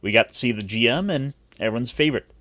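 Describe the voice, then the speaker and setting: A man's voice: mid-range voice, expressive, fast, a bit bright, no echo, clean studio sound. A man from Cleveland, hosting a casual podcast chat in a rambling, jokey way full of restarts. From grew up in Cleveland and Puerto Rico. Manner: rambling, self-interrupting, jokey. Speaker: podcast host.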